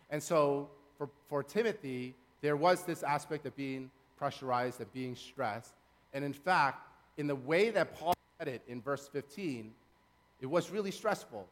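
A man's voice: mid-range voice, big-room sound. A man preaching a sermon in a church, earnest, building his points through repeated phrases. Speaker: pastor. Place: church sanctuary.

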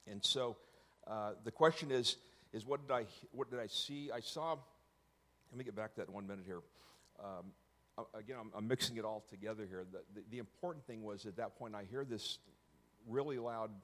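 Middle-aged man, lowish voice, storytelling speaker; restarts often, jokes on the side. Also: fairly bright tone. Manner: halting, self-correcting, with joking asides. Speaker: speaker telling his story to an audience. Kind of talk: personal storytelling talk.

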